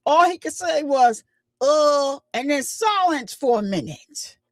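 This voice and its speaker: A woman's voice: high-pitched, big pitch swings, takes it slowly, no room sound. A woman hosting her own channel, giving casual, emphatic commentary and retelling what people said. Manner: chatty, emphatic, retells quotes.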